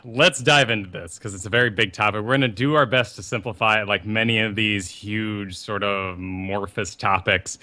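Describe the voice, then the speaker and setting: Bright-toned man explaining strategy on a podcast. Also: fairly low pitch, fairly even intonation, normal speed, few pauses. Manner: breaks topics down step by step, wry asides. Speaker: podcast co-host.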